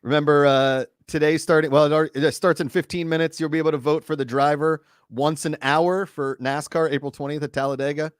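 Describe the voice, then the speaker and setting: A man's voice: fairly high pitch, flat delivery, a little fast, few pauses, clean tone, dry recording. A man hosting a casual live stream, asking questions and running picks and announcements in an upbeat way. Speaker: stream host.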